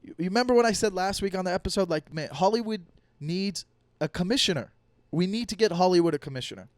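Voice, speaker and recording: A man's voice: high-pitched, expressive, fast talker, no room sound. A young man hosting a comedy podcast alone, ranting in a heated, profane, rambling way. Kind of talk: solo comedy podcast rant.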